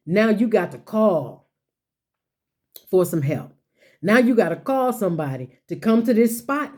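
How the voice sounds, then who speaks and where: A woman delivering a motivational sermon, her voice mellow and a little low. She drives points home with rhetorical questions and repetition, in folksy everyday phrasing. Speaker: speaker. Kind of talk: motivational sermon-style talk.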